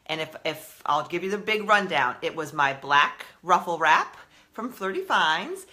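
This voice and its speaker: Woman host, casual live-stream chat, rambling and slightly out of breath, clear bright tone. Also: fairly low pitch, big pitch swings, measured pace. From Massachusetts, US. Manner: chatty, rambling, self-interrupting. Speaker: style blogger hosting a live stream.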